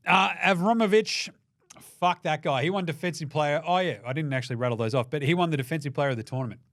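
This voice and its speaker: Sweary Australian sports host. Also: male voice, on the high side, fast, dry recording, clean studio sound. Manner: profane, energetic, jokey banter. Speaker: basketball show host. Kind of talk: casual sports commentary.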